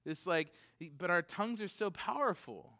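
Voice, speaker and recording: A man's voice: sits high, expressive, moderate pace, bright, forceful tone. A man preaching a casual sermon to a congregation. He rambles with lots of "like" and "you know" and briefly acts out other voices. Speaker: pastor. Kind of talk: conversational sermon. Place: church, in front of a congregation. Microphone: recorded for CD and computer.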